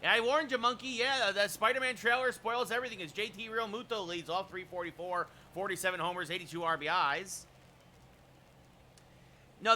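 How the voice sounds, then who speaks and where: A man streaming a baseball video game, calling the plays like a broadcaster and chatting with viewers between pitches. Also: slight background noise. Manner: erupts into shouted home-run calls. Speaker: streamer doing play-by-play. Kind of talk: live-stream game commentary.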